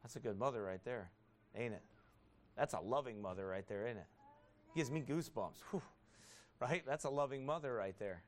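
A man preaching a sermon as a pastor. He asks the congregation rhetorical questions, builds into loud emphatic passages and reads scripture in a slow, drawn-out cadence. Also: mid-range voice.

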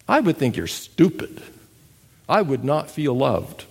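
A man preaching a sermon, emphatic and animated, telling stories and demonstrating. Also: a little high, a little slow, breathy edge, in a large hall. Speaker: missionary preacher. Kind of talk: sermon with storytelling.

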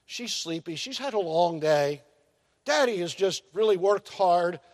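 A man voicing a make-believe infant who says he will wait patiently, in a soft, hushed, mock-innocent way. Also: high-pitched, expressive, measured pace, long reverb tail. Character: selfish infant pretending to be patient, small boy.

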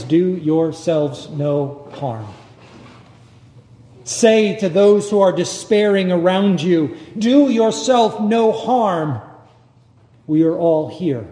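A man preaching a sermon as a pastor, measured and dramatic with long pauses. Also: sits high, mellow. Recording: echoey hall with long reverb.

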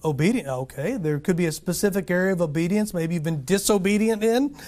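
Male pastor, earnest and animated, slightly raised natural pitch, teaches by asking the congregation questions. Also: a little fast. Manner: earnest and animated, frequent restarts, asks the room questions.

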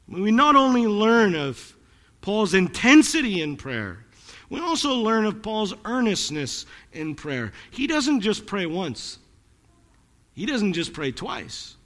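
A man's voice: high voice, sing-song, takes it slowly, a bit bright, big-room sound. A man pastor preaching a sermon to his congregation in a church, earnest and dramatic. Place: church sanctuary.

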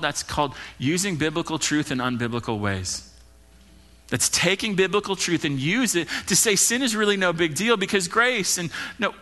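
A man preaching from the pulpit, his voice pitched a little high and ringing with a sharp, bright edge. He presses his points hard, then suddenly drops to a hushed, low line to let them land. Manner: earnest preaching, swings between loud urging and hushed low lines. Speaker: pastor. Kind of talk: sermon.

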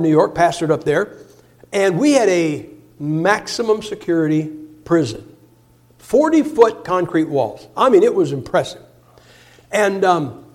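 Guy preaching a sermon, fairly high voice, folksy jokey storyteller, trips over his words, goes loud then drops way down. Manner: folksy, joking storyteller with many restarts; shifts between loud emphasis and soft, low asides. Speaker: guest preacher.

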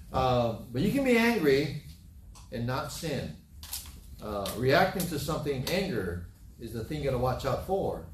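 Man, middle-aged pastor, folksy sermon, slightly high voice, echoey church hall, mic at a distance. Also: a little hiss or hum. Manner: folksy storytelling, repeats himself. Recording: roomy, from a distant mic, faint ambience.

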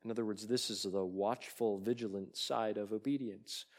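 A man preaching a sermon in a deliberate way, reading scripture and quotations aloud and rising in force on key lines. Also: lowish voice, fairly even intonation. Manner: slow, deliberate preaching that swells louder on quoted lines. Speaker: pastor.

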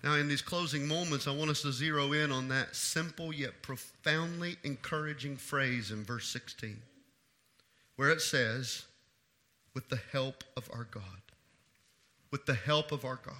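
A married man preaching an evening sermon, pressing his points by repeating them and swinging from hushed to loud. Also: mid-range voice, normal speed. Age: adult. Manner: emphatic preaching with repeated phrases. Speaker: pastor.

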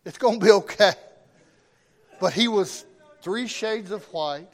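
A middle-aged man, a pastor, telling a folksy story in a sermon with animated quoted voices. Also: high voice, a little slow. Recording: long reverb of a hall.

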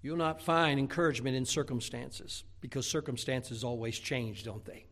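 A man preaches a sermon as pastor, his mid-range voice a bit bright, fairly even in intonation and moderately paced. He tells homely stories with humor in a folksy manner, repeating words as he rises to emphatic points.

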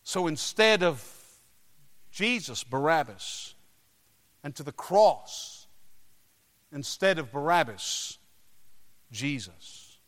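A man preaching a sermon, telling the story dramatically, swinging between loud cries and hushed passages. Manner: dramatic storytelling with sudden shouted crowd cries and hushed lows. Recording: long reverb of a large hall.

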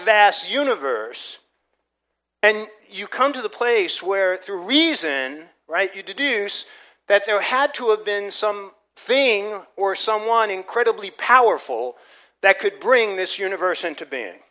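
Bright, high-voiced male preacher. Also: expressive, measured pace. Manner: earnest preaching with repetitions and rising emphasis. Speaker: pastor. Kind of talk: sermon.

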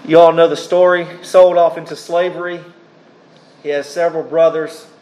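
A man preaching a sermon, reading scripture aloud and speaking to his listeners in short, deliberate phrases. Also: a little high, little pitch movement, darkish tone, rough recording. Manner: addresses listeners as beloved, pauses between short phrases.

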